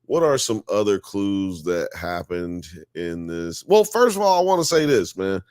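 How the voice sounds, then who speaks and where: A man's voice: sits low, sing-song, a little slow, a little mellow, dry recording, studio quality. A man hosting a live show, telling a story in casual chat, full of "you know" and "blah blah," and growing emphatic when worked up.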